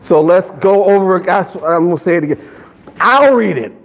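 Sitting high and moving a little fast, this man's voice carries a sermon to a live church congregation. He trades playful joking asides with call-and-response exchanges, and the slightly dull recording picks up faint background noise.

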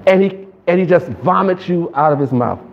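A high-pitched, animated male preacher with some vocal fry addresses a live congregation at normal speed during a church service. Playful joking asides and call-and-response fill the sermon, and the audio is slightly dull with faint noise in the background.

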